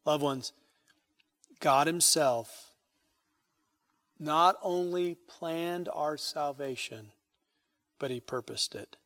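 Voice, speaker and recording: Male pastor, sermon delivery, slightly higher voice, emphatic, big swells and soft line endings. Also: very slow, pauses often. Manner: emphatic preaching, swelling loud on key phrases, dropping soft at line ends.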